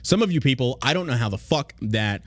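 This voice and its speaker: A man's voice: medium pitch, animated, a little fast, no echo. Guy podcast host, swearing a lot, blunt and mocking, dry close mic. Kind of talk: casual podcast rant.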